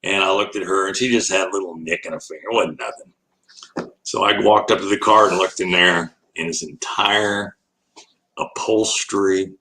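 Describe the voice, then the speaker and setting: A man's voice: sits low, sharp tone, low-quality recording. An older man, an animal educator, telling a long anecdote as an interview guest, laughing often and acting out the voices in his story.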